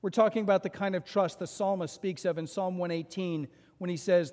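Male pastor, fairly high voice, animated sermon delivery, echoing sanctuary sound. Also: fairly quick. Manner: animated storytelling with voiced quotes.

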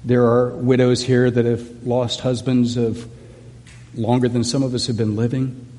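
A man's voice: medium pitch, level tone, unhurried, dark tone. A middle-aged man, preaching a sermon as pastor in an earnest, conversational way, often restarting his phrases. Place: church sanctuary. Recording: long hall reverb.

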